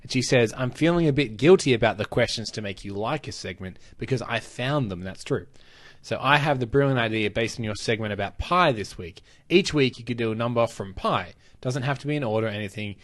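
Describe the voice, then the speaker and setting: A man's voice: mid-range voice, a little fast. Laid-back man, podcast co-host. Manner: relaxed, laughs often, reads listener questions. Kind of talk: casual chat.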